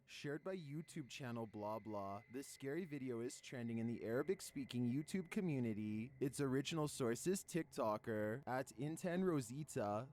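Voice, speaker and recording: A man narrating a scary video countdown in a slow, oddly inflected, dramatic way. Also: mid-range voice, darkish tone, a little hiss or hum.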